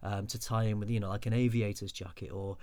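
A man's voice: lowish voice, flat delivery, quick pace, a little mellow, dry recording. A man co-hosting a podcast, chatting casually and teasing his co-host. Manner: bantering, teasing. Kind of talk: casual chat.

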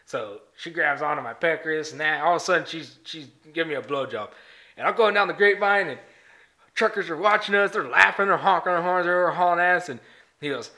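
A man telling crude stories in casual chat, animated and swearing a lot. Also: a little high, brisk. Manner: animated storyteller, swears a lot, says dude.

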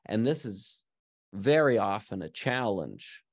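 Low-voiced reflective man, dry close sound. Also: animated, slow, dry recording. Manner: reflective, explanatory, with frequent "right?" tags. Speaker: podcast co-host. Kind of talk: casual Christian podcast chat.

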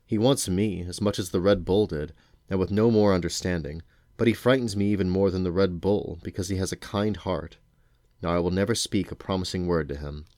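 A man reads the part of a distant, sorrowful enchanted lady from a storybook. She speaks softly and remotely. The voice is low and dry. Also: a little fast, dry recording, close to an everyday voice. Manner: soft, remote.

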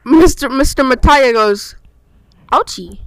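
A woman's voice: high voice, animated, moderate pace, heavy background noise. A young woman narrating an improvised role-play, playful and stumbling over repeated words.

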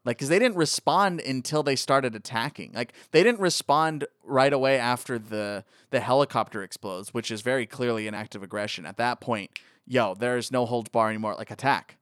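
A man talking casually with friends about an old action movie, his voice quick to leap up high when he jokes. He talks loosely with lots of fillers, recorded close and dry with no room sound. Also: no echo. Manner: animated, jumps into high excited voices when joking.

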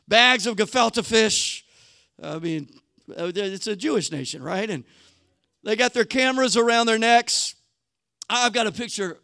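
A male pastor delivering a sermon in an animated, conversational storytelling style, often restarting his sentences. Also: very high voice, clear, resonant tone, no room sound, clean studio sound.

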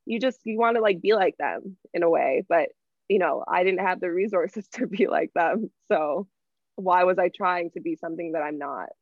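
A woman's voice: lowish voice, moderate pace, no echo. Young woman, podcast guest, frank and laughing, dull earbud mic, dry sound. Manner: frank, laughs often, swears. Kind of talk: casual chat.

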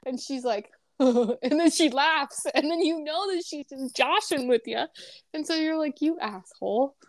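High-voiced woman telling animated stories. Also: measured pace, no room sound. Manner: animated storytelling, laughs often. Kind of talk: casual chat.

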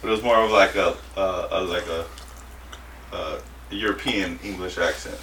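A man from Southern California tells stories in a relaxed, chatty way, acting out the people in them. His voice is bright and forward. He sounds a little far from the mic, in an echoey room with faint noise behind him. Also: low voice, normal speed. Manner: animated storyteller who acts out the people in his stories. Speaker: football coach. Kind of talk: casual storytelling chat.

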